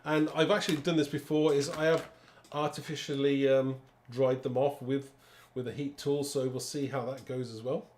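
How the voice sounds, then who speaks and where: A man's voice: mid-range voice, little pitch movement, normal speed, few pauses, a little mellow. Chatty man demonstrating card making. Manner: chatty, talks to viewers while working. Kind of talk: live craft demonstration. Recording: echoey room with faint background noise.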